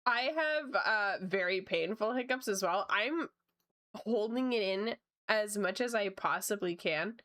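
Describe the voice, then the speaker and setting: A woman hosts her art stream, chatting casually as she works. She laughs often and takes her time with each thought. Her voice sits at an ordinary middle pitch. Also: unhurried, a bit bright, dry recording, studio quality. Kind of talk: casual chat while drawing on stream.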